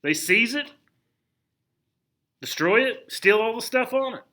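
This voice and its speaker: Bright-voiced animated male history teacher. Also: very high-pitched, measured pace. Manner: animated, asks the class rhetorical questions; conversational, frequent restarts. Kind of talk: classroom lecture.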